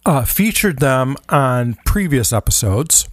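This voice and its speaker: A man co-hosting a food podcast in a small studio, chatting in a relaxed, rambling way with many fillers. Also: mid-range voice, slow pace, no echo. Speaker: podcast co-host. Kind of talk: casual chat.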